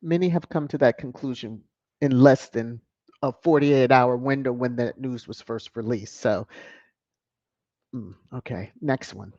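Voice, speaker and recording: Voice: mid-range voice, unhurried, darkish tone, no echo. A commentator on a video channel, sassy and mocking, chuckling often while reading headlines and viewer comments aloud. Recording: dull lo-fi, dry close mic.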